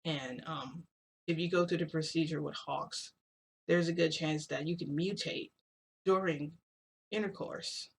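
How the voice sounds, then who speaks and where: A woman doing a calm, cold male doctor. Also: deep voice, unhurried, gravelly, breathy edge, heavily acted.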